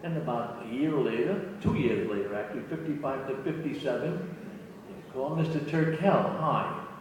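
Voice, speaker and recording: A man's voice: medium pitch, normal speed, a little hiss or hum. Older man telling stories in an echoing hall. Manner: animated storyteller, repeats words. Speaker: guest actor at fan convention. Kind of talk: storytelling Q&A anecdote. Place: convention hall. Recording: echoey hall from far off.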